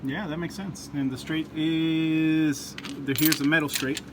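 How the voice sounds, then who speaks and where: A joking man talks casually to camera from his home garage, laughing often and swearing. His voice sits on the higher side, with a faint hum of noise underneath. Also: fairly even intonation, measured pace. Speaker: car channel host.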